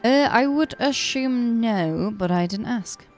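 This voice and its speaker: A woman's voice: on the high side, expressive, slow pace, darkish tone, faint music behind. A young woman streaming a game, chatting casually and joking with people in the room. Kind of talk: casual livestream chat.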